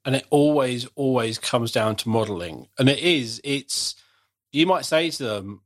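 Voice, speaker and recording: A man's voice: medium pitch, expressive, unhurried, a bit bright, no room sound. Middle-aged man, podcast host, casual and self-deprecating, dry close sound. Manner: chatty, self-deprecating, frequent restarts. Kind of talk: casual conversational chat.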